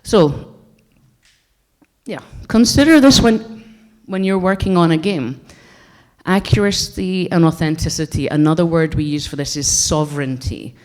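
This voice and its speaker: A woman's voice: on the low side, lively intonation, measured pace, a little mellow. A Scottish woman in her forties gives a conference talk to an audience in a blunt, wry, joking manner. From Scotland. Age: 40s. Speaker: conference speaker.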